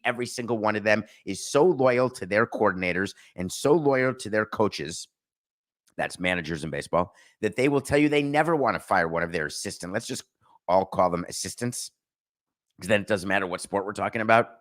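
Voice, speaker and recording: A middle-aged man with a lowish voice hosts a sports talk show in a loose, conversational way. He is sarcastic and animated, and he drops into mock voices to make his points. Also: fairly quick. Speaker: sports podcast host. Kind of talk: casual sports commentary.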